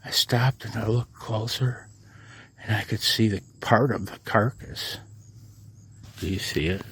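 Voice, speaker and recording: A man's voice: fairly low pitch, unhurried, long pauses, fairly bright tone, slight background noise. A sleepless man telling a rambling story to camera in a casual vlog, often chuckling. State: sleepless, late at night. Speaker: amateur radio vlogger.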